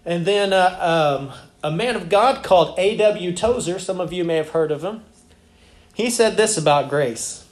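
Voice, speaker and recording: A man's voice: high-pitched, measured pace, roomy sound. A man preaching a sermon as pastor, talking in a loose, conversational way and turning to ask the congregation questions.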